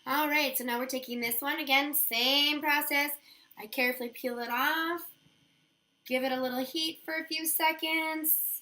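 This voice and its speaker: A woman's voice: sits high, steady tone, normal speed, bright, forceful tone. A woman giving a chatty, upbeat how-to demonstration of nail wraps, talking her steps through as she works. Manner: chatty, upbeat, thinks aloud while working.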